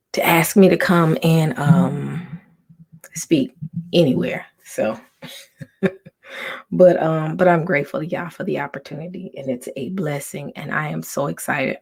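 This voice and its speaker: Woman host, low gravelly voice, hushed rambling livestream chat from home. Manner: soft, half-whispered talk with many ums and restarts.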